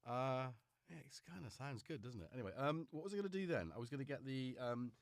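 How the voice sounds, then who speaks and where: A man's voice: mid-range voice, animated, fast, gravelly. A man with a Liverpool-tinged British accent, full of cold, chatting and rambling on a casual live stream from his home studio. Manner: chatty, rambling, self-mocking. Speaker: livestream host.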